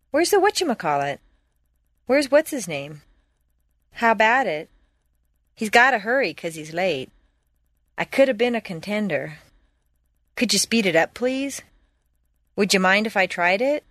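A woman reading short practice phrases aloud for learners to repeat, articulating each one clearly. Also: mid-range voice, a bit bright, no room sound, clean studio sound. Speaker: drill reader.

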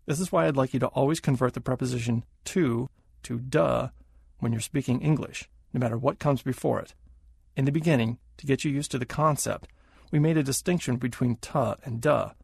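Gravelly, husky man teaching pronunciation. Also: medium pitch, a little mellow, no room sound, clean studio sound. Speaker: language teacher. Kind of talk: explaining pronunciation.

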